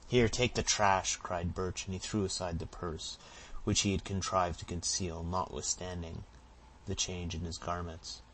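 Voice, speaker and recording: A man reading a classic novel aloud as an audiobook narrator, giving the characters' shouted lines dramatic force. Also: low voice, level tone, moderate pace, slight background noise, low-quality recording. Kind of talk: scripted narration.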